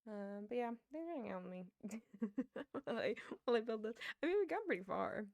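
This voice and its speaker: A woman's voice: fairly high pitch, lively intonation, brisk, gravelly, darkish tone, dry recording. A young woman streamer chatting casually while she plays a building game, rambling to her viewers. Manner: chatty, rambling, talks to chat while playing.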